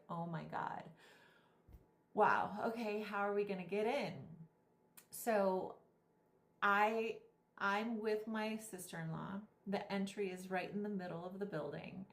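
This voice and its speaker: Animated woman telling a story in an echoey room. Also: lowish voice. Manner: animated storyteller, acts out quotes. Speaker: vlogger, spiritual guide. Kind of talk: storytelling vlog.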